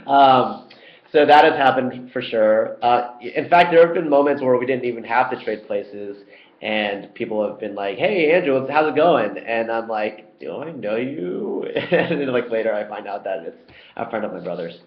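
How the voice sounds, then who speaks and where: A young man answering community questions in a relaxed, chatty way, with frequent ums and uhs. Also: medium pitch, moderate pace. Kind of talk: casual Q&A video. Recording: roomy, dull lo-fi sound.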